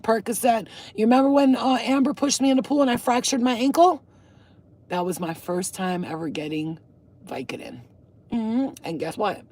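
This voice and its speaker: A woman vlogger speaks with a husky, slightly rough tone. She talks directly to her viewers as a spiritual healer and reader. Her manner is blunt, emphatic and full of casual swearing. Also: medium pitch, darkish tone. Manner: talks straight to the camera, addressing viewers. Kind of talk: casual vlog talk to viewers.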